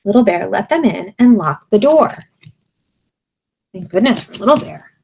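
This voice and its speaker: Animated woman teacher reading aloud. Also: mid-range voice, moderate pace, gravelly, a little hiss or hum. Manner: animated, expressive, explains to kids. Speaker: kindergarten teacher. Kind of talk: reading a picture book aloud to children.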